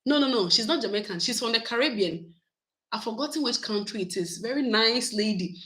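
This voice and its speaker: A woman, chatting casually with her viewers in a vlog, animated and laughing often. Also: on the high side, a little fast, low-quality recording. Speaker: YouTube vlogger. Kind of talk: casual live chat with viewers.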